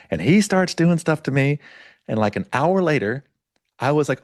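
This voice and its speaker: A middle-aged man hosts a casual podcast and tells stories with lively energy, acting out every quoted line. His voice sits at an ordinary middle pitch. The sound is dry and close, with no room around it. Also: normal speed, no echo. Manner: animated storyteller, acts out quoted dialogue. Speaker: podcast host.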